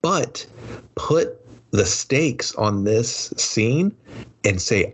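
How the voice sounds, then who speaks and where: Husky, sarcastic male podcast co-host. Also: mid-range voice, expressive, very slow. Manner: laughing, sarcastic, voices characters while recapping. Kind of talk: casual chat, movie review.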